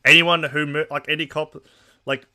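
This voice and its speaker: A man's voice: a little high, little pitch movement, moderate pace, bright, forceful tone. A young man with an Australian accent carrying a trace of English, chatting casually on a political live stream and rambling through responses to his chat. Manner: rambling, reacting to chat messages.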